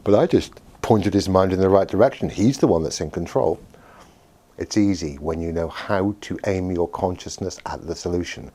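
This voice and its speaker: A man with a very deep, husky voice recounts a session with a client as a hypnotherapist. His tone is dark and mellow. He tells the story briskly, voicing both himself and the client. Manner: lively storyteller, acting out both sides of a dialogue. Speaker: hypnotherapist and NLP practitioner. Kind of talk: anecdotal storytelling to camera.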